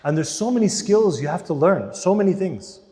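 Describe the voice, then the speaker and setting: A man giving an animated church lecture to married couples, swinging between loud emphasis and hushed asides. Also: sits high, moderate pace. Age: adult parent. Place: church hall. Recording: long reverb in a large hall.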